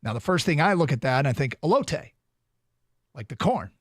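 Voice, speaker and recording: A man's voice: medium pitch, lively intonation, dry recording. Chatty sports radio host, male, mid-range voice, dry close mic. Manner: chatty, reads plugs quickly with fillers. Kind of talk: casual sports radio chat. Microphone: studio microphone.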